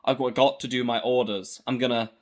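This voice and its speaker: A man's voice: mid-range voice, a little fast, pitched below the performer's own voice, natural voice. A man putting on the voice of a plain, dutiful male clone soldier who just follows orders. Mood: subdued. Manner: flat, subdued, order-following.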